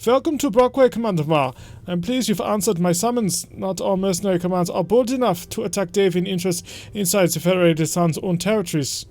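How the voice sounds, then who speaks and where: A man's voice: high voice, brisk, a little mellow. A man putting on a haughty German-accented count. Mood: scheming, gloating. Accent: German (put on). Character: scheming aristocratic male count, smug and vengeful.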